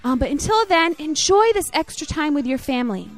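A woman's voice: high-pitched, sing-song, brisk, soft background music. A young woman leading a children's church message online, encouraging and telling a story. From Michigan, USA. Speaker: children's ministry leader.

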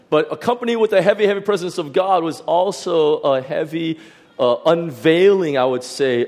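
A middle-aged pastor telling a personal testimony in a sermon, animated and full of restarts and fillers. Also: male voice, medium pitch.

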